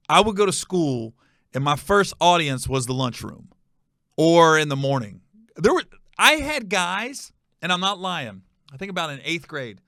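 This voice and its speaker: Lively, profane man telling a comic story. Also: on the high side, no room sound, studio quality. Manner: animated, profane, wry storyteller. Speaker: comedian. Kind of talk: comedic storytelling on a podcast.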